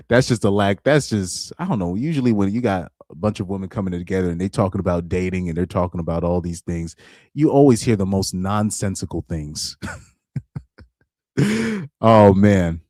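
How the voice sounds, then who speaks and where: Deep-voiced man chatting on a livestream. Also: normal speed, dark tone, no echo, clean studio sound. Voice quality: deep voice he calls super villain-like. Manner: laid-back, laughs often, trails off and restarts. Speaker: reaction streamer. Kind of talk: casual livestream commentary.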